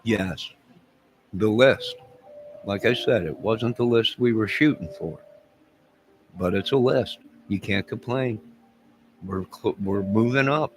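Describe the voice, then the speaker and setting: Older guy rambling and joking on his channel, low gravelly voice. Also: takes it slowly, pauses often, soft background music, low-quality recording. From United States. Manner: joking, rambling, chuckles while talking. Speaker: channel host. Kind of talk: casual rambling monologue.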